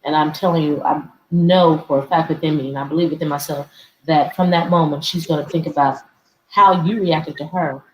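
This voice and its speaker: A woman's voice: low-pitched, steady tone, a little fast, a little mellow, echoey room, slight background noise, poor audio. A woman hosting a talk show, speaking emphatically and repeating key phrases. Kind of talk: casual talk show conversation.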